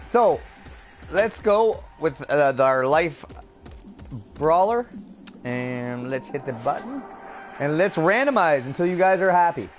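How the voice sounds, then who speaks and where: A man's voice: fairly high pitch, sing-song, slow, long pauses, soft background music. A man from Canada chatting upbeat with viewers as a gaming streamer, laughing often. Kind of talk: casual let's-play commentary.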